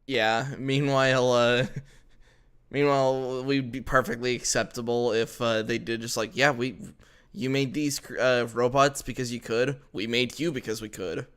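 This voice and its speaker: A man's voice: medium pitch, steady tone, unhurried, a bit bright, clean tone. A man co-hosting a podcast, joking and laughing often in casual chat about a film. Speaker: podcast co-host. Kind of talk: casual movie-review chat.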